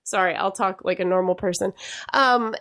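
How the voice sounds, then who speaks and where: A woman's voice: medium pitch, normal speed, fairly bright tone. A woman co-hosting a podcast, chatting casually with frequent laughs and restarts. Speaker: podcast co-host. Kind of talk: casual chat.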